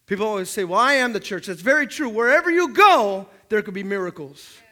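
A man preaching a sermon, telling animated stories and building to loud, emphatic preaching. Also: sits high. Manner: animated storytelling, acting out the people in his stories. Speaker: pastor.

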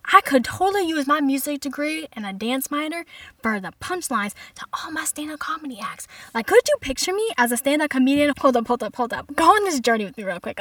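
A comedic vlogger in her twenties, with a high-sitting voice, tells comic stories and tries out stand-up material. She's chatty and animated, full of "like" and slang, recorded far from the mic with no echo.

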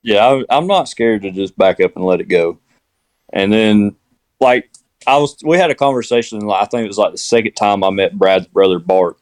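A man's voice: on the low side, normal speed, no echo. A man with a Southern US accent, rambling and laid-back as a guest in casual podcast chat.

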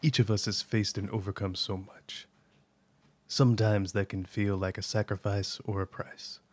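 A man reading the lines of a stern male military commander in a solemn, measured way. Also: lowish voice, level tone, darkish tone, dry recording, pitched below the performer's own voice, natural voice.

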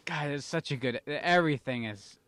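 A man chatting excitedly as a co-host, reminiscing with casual swearing. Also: fairly high pitch, moderate pace. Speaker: podcast co-host. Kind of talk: casual chat.

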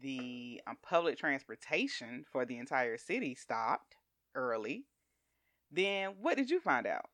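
A middle-aged woman telling a story in casual chat, animated and laughing often as she acts out voices. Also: extremely low pitch, a little slow, no echo.

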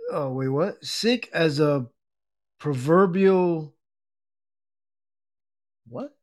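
A man hosting his own podcast live, chatting casually and reading listener comments, talking in a halting way with many fillers and restarts and often clearing his throat. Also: medium pitch, darkish tone, dry recording, studio quality. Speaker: podcast and internet radio host.

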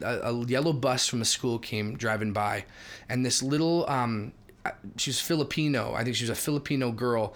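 A man co-hosting a casual faith podcast, telling lively stories and reading scripture aloud. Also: medium pitch, moderate pace. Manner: animated storyteller, reads scripture aloud. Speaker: co-host.

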